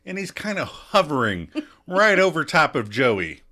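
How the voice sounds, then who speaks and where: A male podcast co-host walks through a sitcom episode in a casual, animated way, often breaking into laughter. His voice is bright and ringing, and his pitch swings widely as he tells the story. The talk stays loose and chatty. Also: measured pace.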